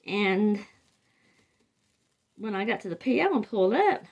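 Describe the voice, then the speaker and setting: With the highs cut off in the recording, an older woman speaks in a medium-pitched, sing-song voice at a measured pace. A Southern wreath crafter from the Carolinas, she chats and rambles through a casual tutorial, trailing off and starting again.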